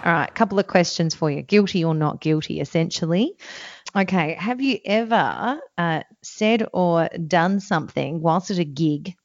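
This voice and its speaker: A woman's voice: lowish voice, animated, normal speed, no room sound, dull audio. An Australian woman hosting a podcast, playfully teasing her guest as she asks her questions. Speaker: podcast host. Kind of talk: casual podcast chat.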